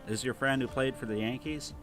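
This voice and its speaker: A man's voice: medium pitch, fairly quick, over loud music. A man with a Toledo, Ohio accent hosting a casual gameplay livestream, chatting loosely and reading viewer comments aloud. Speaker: livestream host.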